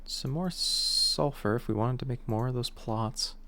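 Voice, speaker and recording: A man's voice: mid-range voice, measured pace, pushed and bright. A male streamer chatting casually while playing, in a rambling, playful, self-mocking way. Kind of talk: casual gameplay chat.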